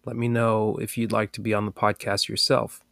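A man's voice: lowish voice, flat delivery, moderate pace, creaky, a bit bright, no echo, studio quality. A man hosting a podcast, reading a daily motivational passage and repeating its key lines with care. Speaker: podcast host.

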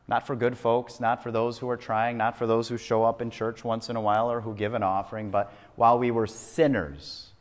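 A male pastor preaching a sermon, emphatic and fond of repeating phrases for effect. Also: mid-range voice. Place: church sanctuary. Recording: long reverb of a church hall.

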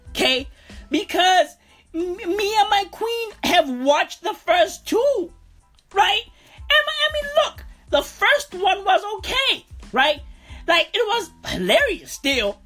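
A woman's voice: very high-pitched, sing-song, slow, fairly bright tone, soft background music. A woman comedian doing a profane, rambling stand-up rant, tossing in "bro" constantly.

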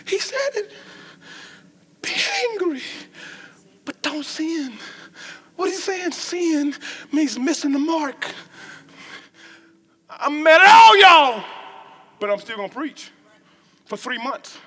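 A woman preaching a lively sermon with call-and-response lines, breaking into shouts and joking asides. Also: sits high, slow, pauses often.

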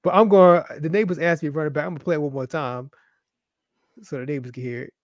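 A man's voice: on the high side, steady tone, fast, lo-fi sound. A man co-hosting a casual show, telling stories about church videos in an amused way and laughing often. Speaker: co-host.

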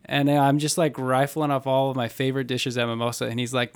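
A man's voice: medium pitch, fairly even intonation, a little fast, hardly any pauses. Upbeat man hosting a podcast. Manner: upbeat, joking, reads ad with acted anecdotes. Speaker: podcast host. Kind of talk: casual podcast chat.

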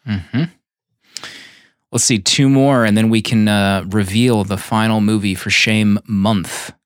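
A man's voice: fairly low pitch, steady tone, slow, no echo, studio quality. A man hosting a podcast in easygoing, rambling chat. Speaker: podcast host.

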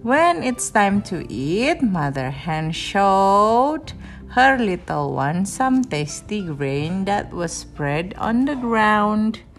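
A woman reading a children's story aloud to a little listener, slow and expressive, stopping to explain. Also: medium pitch, soft background music. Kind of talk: children's story read-aloud with asides in Indonesian.

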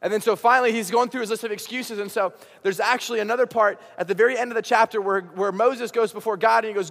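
A young man, a high school pastor, giving a casual youth sermon and acting out the dialogue in his stories. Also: fast talker, vocal fry, few pauses, long reverb tail. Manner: casual, animated storytelling with acted-out dialogue.

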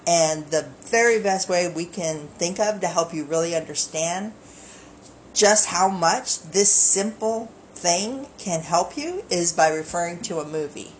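A woman co-hosting a podcast in casual chat, upbeat and quick to laugh. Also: lowish voice, slight background noise, poor audio. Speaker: podcast co-host.

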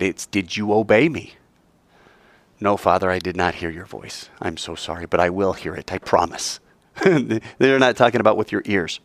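A man teaching a live group, lively and joking, acting out quoted lines as he explains. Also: mid-range voice, no echo. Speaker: Bible teacher.

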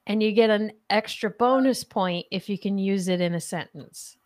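A woman's voice: medium pitch, normal speed. A woman hosting a casual podcast chat and running a playful quiz, laughing often. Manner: giggly, chatty, laughs often. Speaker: podcast host.

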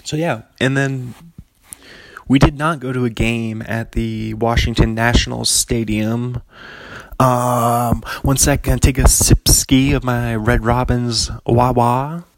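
A man's voice: mid-range voice, fairly even intonation, slow pace, no room sound. A young man chatting casually as a podcast host, rambling with lots of fillers and frequent laughs. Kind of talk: casual chat.

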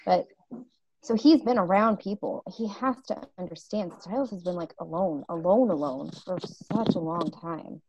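A woman's voice: mid-range voice, big pitch swings, moderate pace, creaky, darkish tone, slight background noise. Chatty woman on a dull lo-fi mic. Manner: chatty, laughs easily, filler-heavy. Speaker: podcast co-host. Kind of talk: casual chat. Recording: dull lo-fi sound.

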